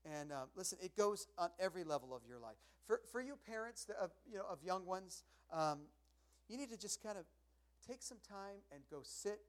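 Middle-aged pastor guy preaching, chatty and loose, gets loud then drops way down quiet, voice sits a bit high. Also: expressive, moderate pace. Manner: conversational preaching, swings from loud to hushed. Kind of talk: sermon.

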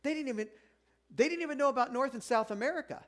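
A middle-aged pastor with a noticeably high voice delivers an informal sermon. He speaks conversationally, stumbling and restarting mid-sentence, and slips into the voices of doubting listeners to make his point. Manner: informal, halting with restarts, acts out listeners' objections.

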